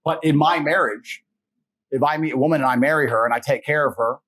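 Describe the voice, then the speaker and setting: A man's voice: on the high side, fairly quick, a bit bright. A man being interviewed, telling stories in a blunt, profane, casual way and acting out the people he quotes. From England. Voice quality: husky. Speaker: interview guest.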